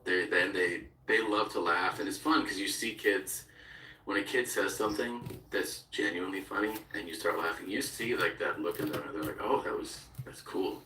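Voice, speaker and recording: Man, low bright voice, casual podcast storyteller, laughs a lot, roomy distant sound. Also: moderate pace, slight background noise. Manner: laughs often while telling stories; swears casually, acts out quoted voices. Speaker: guest.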